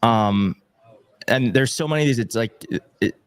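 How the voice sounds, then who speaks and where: A man's voice: medium pitch, normal speed, smooth. Grateful man hosting a live stream. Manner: grateful, emotional, fumbling. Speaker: livestream host reading viewer donations. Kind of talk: casual live-stream chat.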